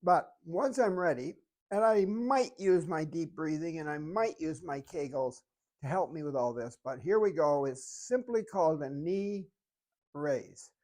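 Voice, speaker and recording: A fitness instructor giving calm, step-by-step exercise coaching while demonstrating the moves. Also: medium pitch, unhurried.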